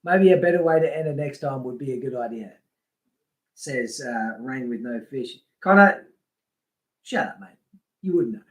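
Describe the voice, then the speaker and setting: A man's voice: mid-range voice, expressive, moderate pace, pauses often. A man hosting a casual fishing live stream, chatting loosely, reading out names from the chat and laughing often. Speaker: livestream host.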